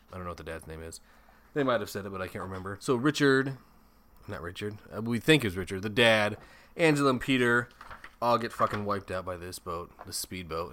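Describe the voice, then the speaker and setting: A man's voice: mid-range voice, fairly bright tone, clear, resonant tone. Swearing, rambling movie-review guy. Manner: profane, rambling, laughs often. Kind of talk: casual chat.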